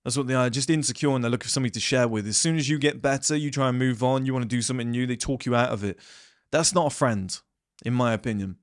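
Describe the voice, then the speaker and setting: A man's voice: medium pitch, fast talker, no echo, studio quality. A man giving a blunt, rambling casual monologue to camera, swearing freely. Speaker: self-improvement vlogger.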